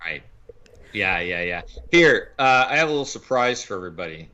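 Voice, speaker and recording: A man's voice: on the low side, very animated, fairly quick, sharp tone, highs cut off. A man co-hosting a film podcast in casual, laid-back chat. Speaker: podcast co-host.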